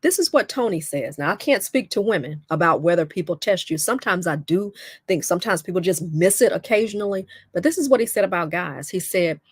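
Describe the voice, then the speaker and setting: Low-voiced woman giving emphatic advice. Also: expressive, brisk, breathy edge, no echo, clean studio sound. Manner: conversational, emphatic and direct, with many "okay?" check-ins. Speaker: host. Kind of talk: livestream talk on relationships.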